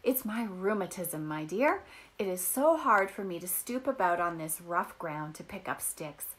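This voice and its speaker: A woman's voice: on the low side, expressive, moderate pace, lightly acted. A woman voicing an old woman aching with rheumatism who speaks in a weary, pleading way.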